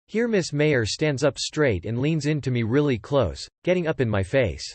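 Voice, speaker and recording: A man narrating first-person stories in a plain, even reading style. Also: mid-range voice, normal speed, few pauses, no echo. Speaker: story reader. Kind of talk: scripted narration.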